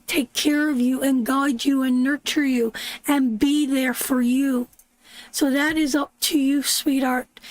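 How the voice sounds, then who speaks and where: A woman with a Canadian accent giving live tarot readings, slow and soothing, a little congested and sleep-deprived. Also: sits high, dry recording, low-quality recording. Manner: slow, soothing, calls viewers sweetheart.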